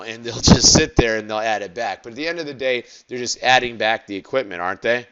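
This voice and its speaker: A man teaching an accounting lecture, asking the class quick rhetorical questions and stretching out key words. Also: mid-range voice, fairly bright tone, smooth, muffled recording.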